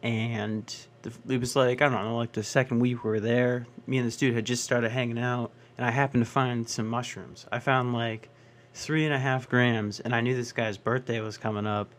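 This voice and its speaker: A man's voice: mid-range voice, level tone, normal speed. A young man doing stand-up, telling profane, exasperated stories and acting out the people in them. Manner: profane, exasperated, acts out characters. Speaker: stand-up comedian. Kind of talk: stand-up storytelling.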